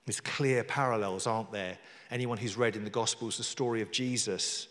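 A man's voice: on the low side, fairly even intonation, moderate pace, fairly bright tone. Preacher man in a reverberant hall. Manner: conversational, jokey asides, reads scripture with emphasis. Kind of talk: sermon. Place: church hall.

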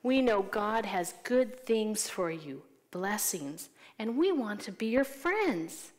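A woman voicing a group of grown-men neighbors in a children's Bible story, speaking louder and more insistently. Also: medium pitch, very animated, slow, in a large hall. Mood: friendly. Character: the neighbors, a group of grown men, first angry then friendly.

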